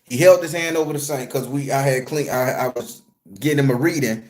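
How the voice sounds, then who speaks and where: A man who works as a spiritual reader, telling a story to his viewers in an animated, profane, conversational way. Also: mid-range voice, brisk. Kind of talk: storytelling vlog.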